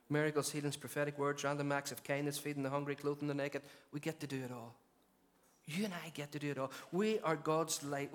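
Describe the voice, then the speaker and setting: A man's voice: sits high, a bit bright. A man preaching a sermon as lead pastor, emphatic and rousing, often repeating and restarting his phrases. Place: church venue.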